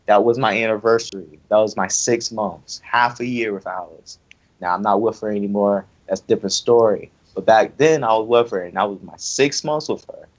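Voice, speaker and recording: A young online wrestling league member vents angrily about an online wrestling event in a heated, casual rant, repeating himself often. His voice is on the low side at a moderate pace, and the audio is dull and lo-fi.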